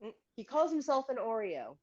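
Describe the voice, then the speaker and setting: A woman's voice: on the high side, big pitch swings, normal speed, darkish tone, highs cut off. A woman co-hosting a podcast, chatting in a blunt, profane, rambling way. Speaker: podcast co-host. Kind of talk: casual chat.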